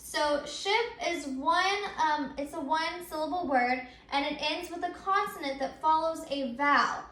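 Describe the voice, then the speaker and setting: Speaking a little slowly in a high, bright, forceful voice, a woman teacher explains grammar one step at a time. The recorded lesson, made in an echoey room, has her restating points with plenty of ums.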